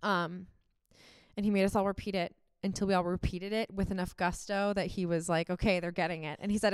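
A young woman speaks on a faith podcast, earnest and close to tears at times, filling her sentences with "um" and "like". Her voice is smooth and clean. The recording is dry, with no room sound. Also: on the low side, steady tone, brisk, no echo. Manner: heartfelt, emotional, many fillers like "um" and "like". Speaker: podcast co-host.

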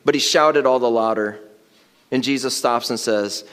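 A man preaching a sermon in a casual, conversational way. He grows louder and more excited at times and laughs while he talks. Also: mid-range voice, moderate pace, clear, resonant tone. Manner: conversational, builds to loud excited emphasis with laughter. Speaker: pastor.

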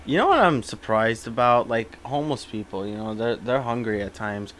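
Lively young man rambling casually. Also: mid-range voice, normal speed, a little hiss or hum. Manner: rambling, filler-heavy storyteller. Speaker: podcast co-host. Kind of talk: casual profane chat.

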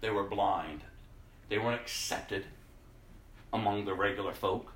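Man preaching, sermon, slow and emphatic, hushed moments, echoey room. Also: fairly low pitch, distant mic, a little hiss or hum. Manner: slow, emphatic, drops to a hush. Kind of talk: sermon with scripture reading. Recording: roomy echo.

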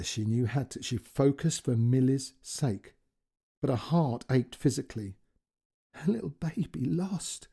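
A man narrating a short story in a gentle, emotive way, giving each character a voice. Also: mid-range voice, measured pace, gravelly, husky. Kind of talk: scripted narration.

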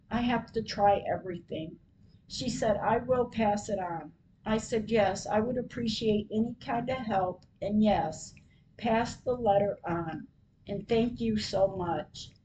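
A woman podcaster reading her diary entries aloud, retelling each call in a plain, measured way. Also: a little high, mellow, a little hiss or hum, poor audio.

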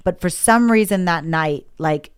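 A woman with a low, smooth and resonant voice tells a personal story in a relaxed conversation. She talks with open emotion and often acts out what she and others said. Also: measured pace. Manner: emotional, candid, quotes herself and others.

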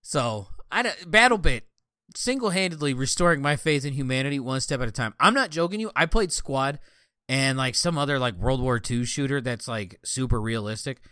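A man's voice: mid-range voice, animated, fairly quick, bright, forceful tone, clear, resonant tone, no echo, clean studio sound. A young man co-hosting a podcast, telling gaming stories in casual chat and acting out other players' lines with a laugh. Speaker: podcast co-host.

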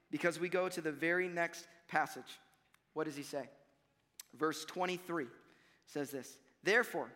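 A young adult man preaching a sermon as pastor, animated and conversational, swinging between loud emphasis and quiet asides. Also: fairly high pitch, in a large hall.

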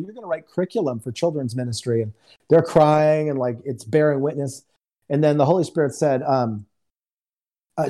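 A man's voice: mid-range voice, dark tone. A man speaking as a guest minister, telling a personal testimony in a conversational way and acting out the dialogue in quotes over a remote call. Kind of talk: storytelling testimony.

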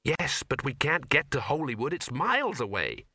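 A man's voice: medium pitch, very animated, normal speed, pushed and bright, slightly rough, no room sound, studio quality, full character voice. A man voicing a shaken young actress who is tired and stubborn, speaking in an exasperated, pleading way.

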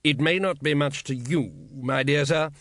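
A man's voice: on the high side, measured pace, fairly bright tone, no room sound, studio quality. A man doing a clipped, brusque city ruler.

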